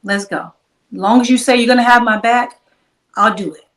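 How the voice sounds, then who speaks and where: A woman's voice: on the high side, normal speed, echoey room, recorded from a distance, low-quality recording. A woman guest telling a long story in an interview, acting out the back-and-forth of quoted dialogue. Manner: animated, acts out quoted dialogue.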